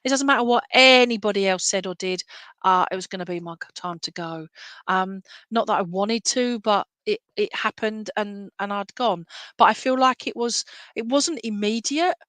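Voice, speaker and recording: A woman's voice: medium pitch, normal speed, a bit bright, dry recording. Chatty medium woman, dry sound. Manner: chatty, reassuring, asks if messages make sense. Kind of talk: online clairvoyant reading.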